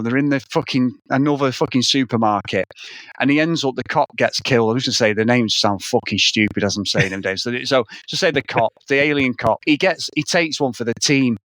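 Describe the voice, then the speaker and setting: A man chatting casually about a film, rambling through scenes and swearing freely. His voice sits at an ordinary pitch, and it is recorded dry and close, with no room sound. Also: a bit bright, no echo. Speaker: podcast co-host.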